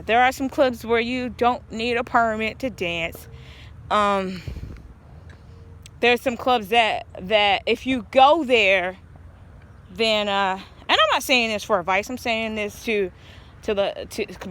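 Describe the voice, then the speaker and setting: Woman vlogging outside, rambly and earnest, keeps restarting, sharp bright voice. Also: on the high side, unhurried. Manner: rambling, earnest, stop-start. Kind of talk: casual storytelling vlog. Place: outdoors.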